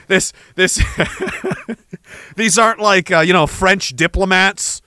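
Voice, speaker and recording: A man's voice: high voice, takes it slowly, pushed and bright, clear, resonant tone, no room sound, clean studio sound. A man from Canada rambling through a sarcastic, profane comedic rant, laughing between his thoughts. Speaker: vlogger.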